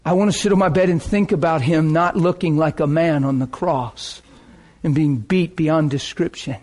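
High-voiced fervent male preacher. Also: normal speed. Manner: fervent, emotional, swings from loud outbursts to hushed intensity. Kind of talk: sermon.

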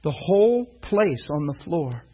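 A man's voice: a little high, very animated, measured pace, warm tone, slightly rough, low-quality recording. A middle-aged man preaching, telling a personal story and acting out the dialogue with animation. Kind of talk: sermon storytelling.

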